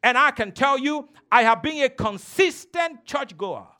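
A man's voice: extremely high pitch, lively intonation, unhurried, bright, forceful tone. A man preaching a sermon as a pastor, emphatic and teasing, calling on the congregation to respond.

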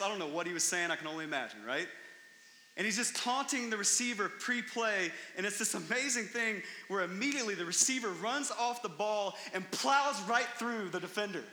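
A man preaching a sermon, telling stories with lively, excited emphasis. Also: high voice, normal speed. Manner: animated storytelling, rising to excited emphasis. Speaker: pastor. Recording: echoey hall with long reverb.

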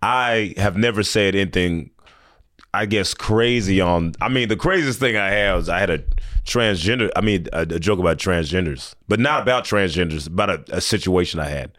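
A man's voice: deep voice, moderate pace, fairly bright tone. A man, a stand-up comedian, chatting loosely as a guest and rambling through stories with laughs. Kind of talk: casual podcast chat.

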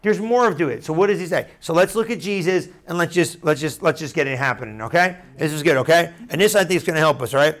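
A man's voice: fairly high pitch, fast talker, few pauses. A man preaching a sermon in a loose, conversational way, often restarting phrases and asking the room if they follow. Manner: conversational, animated, repeats and restarts phrases, asks the room questions.

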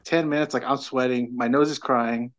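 A middle-aged man guesting on a podcast, telling a long story in a casual, meandering way. His voice sits at an ordinary middle pitch, and his talk is full of fillers, false starts and restarts. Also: steady tone, moderate pace, lo-fi sound. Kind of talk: casual chat.

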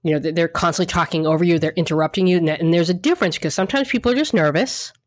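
A woman's voice: lowish voice, rapid-fire, no room sound. Woman on a podcast, blunt and a bit sweary, circles back and restarts a lot, very dry sound. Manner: emphatic, frank, mildly profane, rambling with restarts. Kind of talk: casual chat.

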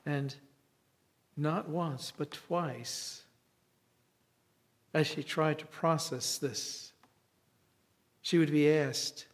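A man preaching a sermon in a reflective way, with long dramatic pauses. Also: fairly high pitch.

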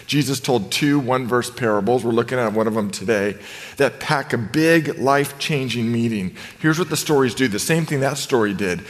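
A man's voice: mid-range voice, moderate pace. A man preaching a sermon as pastor, earnest and conversational with the odd filler. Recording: long hall reverb.

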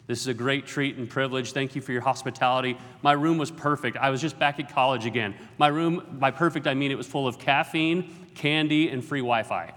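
Middle-aged male guest preacher, mid-pitched, wry and jokey, long hall reverb. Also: brisk, few pauses, a bit bright. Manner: jokey, self-deprecating asides. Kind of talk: sermon. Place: large auditorium.

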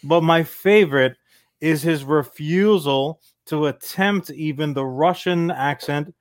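A middle-aged man with a slightly higher voice riffs through a casual podcast chat, full of jokes and goofy asides. His sound is dry and close to the mic. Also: slow pace, dry recording. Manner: joking, riffing with silly voices. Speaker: podcast co-host.

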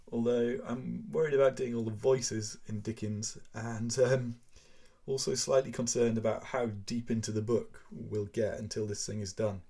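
Male podcast reader, measured expressive storytelling, gravelly fry and a breathy edge. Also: mid-range voice. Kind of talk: reading a short story aloud.

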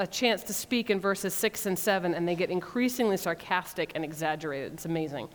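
A woman's voice: on the low side, a little fast, few pauses, big-room sound. A woman preacher teaching an informal sermon, chatty and humorous, with laughing asides. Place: church.

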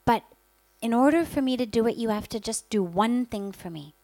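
A woman voicing a calm, patient male Lord of Death while telling a spiritual parable. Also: on the high side, normal speed, no echo, low-quality recording.

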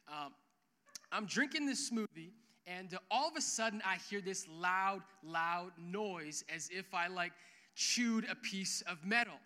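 A young man preaching as a pastor, telling a lively story with quoted dialogue in a church service. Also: high-pitched, measured pace. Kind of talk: sermon. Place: church hall with worship music. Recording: reverberant church hall.

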